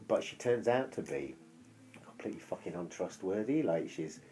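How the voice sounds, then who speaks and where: Deep-voiced man telling a rambling story. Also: expressive, moderate pace, vocal fry, warm tone. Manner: rambling, swears freely. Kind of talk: casual storytelling chat.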